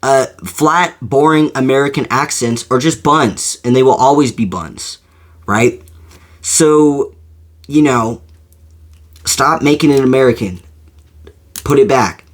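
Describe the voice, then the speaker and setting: A man giving his opinion in a casual monologue, rambling and hesitant, with lots of fillers and restarts. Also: mid-range voice. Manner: slow, hesitant delivery. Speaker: video creator.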